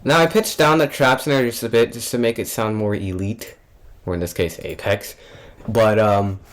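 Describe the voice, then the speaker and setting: Speaking steadily at a moderate pace in a fairly low voice, a young music producer casually describes how he put a track together. His narration is loose, with frequent restarts and fillers.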